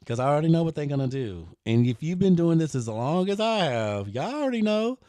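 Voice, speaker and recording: A man's voice: on the high side, very animated, a little fast, mellow, no room sound. A man hosting a live design tutorial, talking to viewers in a playful, sassy way.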